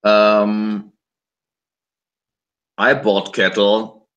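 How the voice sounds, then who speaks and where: A man playing a tabletop role-playing game, gruff and dry while speaking in character. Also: fairly low pitch, completely flat delivery, extremely slow, fairly bright tone. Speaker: player.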